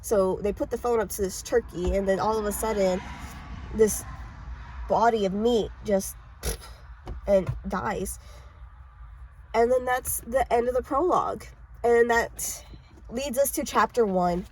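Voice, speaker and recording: A woman talks through a book in an offhand, unpolished way before reading a chapter aloud. She stumbles and restarts often, coughs now and then, and tends to mumble. Her voice sits a touch high, with a faint hiss in the background. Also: low-quality recording. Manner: halting, with frequent coughs and restarts; mumbly, self-described. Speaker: amateur reader. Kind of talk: casual book summary and read-aloud.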